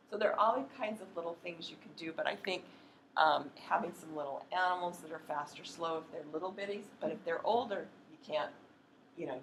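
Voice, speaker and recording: A woman training teachers in a workshop, explaining in a practical, chatty way and slowly sounding out words to demonstrate. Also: sits low, gravelly, reverberant, noisy background. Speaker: literacy educator training teachers.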